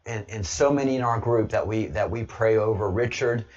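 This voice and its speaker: A man talking casually on his livestream, rambling and now and then breaking into loud, excited bursts. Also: on the low side, normal speed, muffled recording. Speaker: livestreamer, political commentator.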